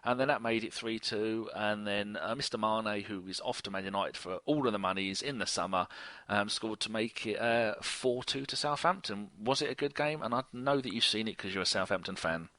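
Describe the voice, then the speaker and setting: English male podcast co-host, jokey and chatty, fumbles names, bright tone, dry recording. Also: fairly low pitch, brisk, no room sound. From England. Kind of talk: casual football chat.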